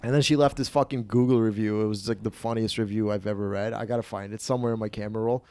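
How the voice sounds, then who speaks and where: A man's voice: fairly low pitch, fast, dry recording. Swearing young man telling a story. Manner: animated, swearing, acts out quotes loudly. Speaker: comedian podcast host. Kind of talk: casual storytelling.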